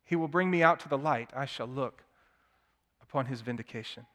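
A man preaching a sermon, swinging from hushed tones to loud, emphatic declamation. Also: medium pitch, a little fast. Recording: long hall reverb.

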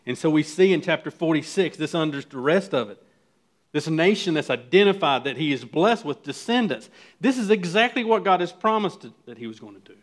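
A man preaching a sermon as pastor, earnest and building to emphatic peaks, with frequent restarts. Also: on the high side.

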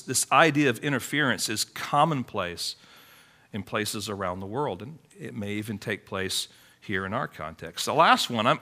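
A man's voice: medium pitch, pushed and bright. A man preaching a sermon in an earnest, conversational way, often restarting his phrases. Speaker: pastor.

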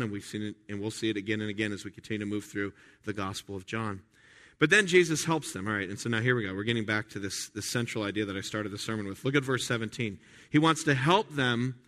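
A man preaches a sermon in a conversational way, full of restarts and rhetorical questions. His voice is bright and forceful, at a middle pitch. He drops into quiet asides and then jumps up loud to stress a point. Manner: swings from quiet asides to loud emphatic lines. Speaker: pastor.

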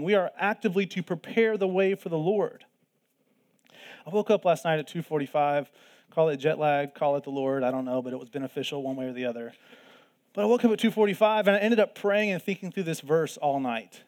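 Earnest male preacher, higher voice. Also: a little mellow. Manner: earnest, repeats phrases for emphasis. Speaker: pastor. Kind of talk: sermon.

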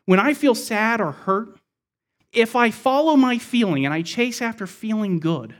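A man preaching a sermon, working through a scripture passage verse by verse and often dropping his voice low and quiet to close a point. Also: lively intonation, a little slow. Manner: expository, explains scripture verse by verse. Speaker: pastor.

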